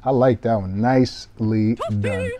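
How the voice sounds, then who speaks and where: A young man casually commentating a live sports-card break, excitable and self-mocking, swearing freely. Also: fairly low pitch, unhurried, slight background noise.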